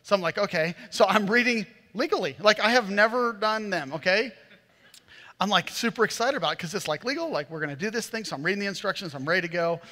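High, bright-voiced pastor in a big hall. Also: male voice, fast talker. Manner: animated, self-mocking storyteller who acts out voices. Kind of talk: sermon with comic storytelling. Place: church auditorium. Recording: long reverb of a large hall.

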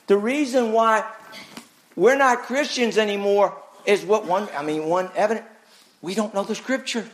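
A male pastor preaching a sermon emphatically, asking rhetorical questions and swinging his pitch widely. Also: moderate pace, a little hiss or hum.

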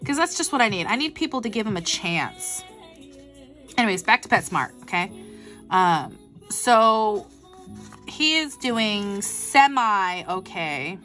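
A woman vlogger telling a rambling, animated story in casual chat, full of asides. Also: mid-range voice, slow, faint music behind. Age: adult with a child.

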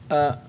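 An older man with an English accent giving a guest lecture with slides, wry and anecdotal, full of rambling asides. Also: bright, forceful tone.

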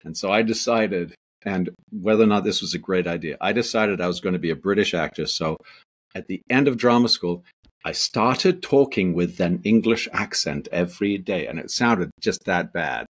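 A man's voice: low voice, moderate pace. A Canadian man, an actor, telling rambling anecdotes in a casual interview, full of restarts and fillers. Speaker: actor guest.

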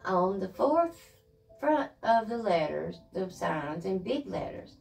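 A woman reads a children's chapter book aloud. Her voice has a gravelly edge and moves a lot in pitch. She sits a little away from the microphone. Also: slow pace, recorded from a distance, faint music behind, rough recording. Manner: lively expressive reading. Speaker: reader.

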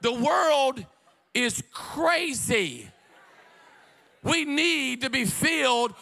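High, gravelly, bright preacher man. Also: drawn-out words, long pauses. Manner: animated, shouting and laughing through stories. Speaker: pastor. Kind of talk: revival sermon storytelling.

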